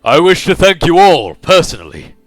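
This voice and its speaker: Man doing a booming drunken king. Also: huge pitch swings, normal speed, no echo, faint music behind. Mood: boastful. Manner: loud proclaiming. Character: booming drunken bearded king, boastful and lecherous.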